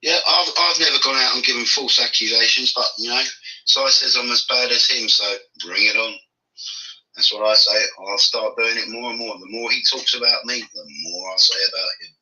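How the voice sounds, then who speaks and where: A man's voice: medium pitch, brisk, pushed and bright. Rambling man, far from the mic. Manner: rambling, stammering. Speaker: livestream guest. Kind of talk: casual chat.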